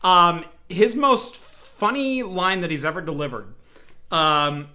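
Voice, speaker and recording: High bright-voiced male podcast host. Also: takes it slowly. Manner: rambling storyteller with many fillers and restarts. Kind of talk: casual tech podcast chat. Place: home, broadcasting remote.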